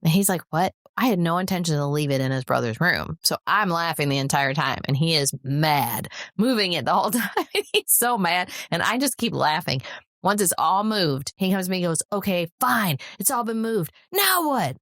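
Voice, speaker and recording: Woman, middle-aged, low voice, blunt, laughs a lot, casual podcast chat, dry close sound. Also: expressive, a little fast, a bit bright, no echo. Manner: blunt, laughs often while telling stories. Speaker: podcast co-host.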